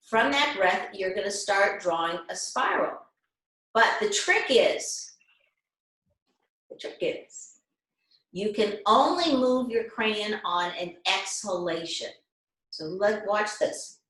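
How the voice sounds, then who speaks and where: A woman's voice: mid-range voice, roomy sound, low-quality recording. A woman instructor leading an online class, guiding her students step by step and checking in with them often. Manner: gentle, guiding explanations with frequent check-ins. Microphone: video call.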